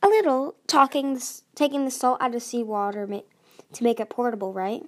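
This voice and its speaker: A woman's voice: high-pitched, animated, brisk, a bit bright, pitched above the performer's own voice. A woman doing a stammering shy young dragonet. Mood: eager. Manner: stammering, hesitant. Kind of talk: amateur audiobook reading.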